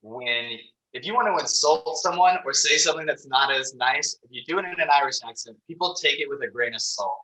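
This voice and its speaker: A man's voice: medium pitch, a little fast, few pauses, bright, forceful tone, rough recording. A man in his twenties, a podcast guest, talking in an eager, thoughtful way. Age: 20s. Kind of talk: casual chat.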